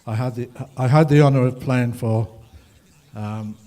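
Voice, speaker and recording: An older ragtime musician at a festival speaks a little slowly in a dark, mid-range voice with fairly even intonation. He rambles through humorous anecdotes for the audience, using lots of fillers.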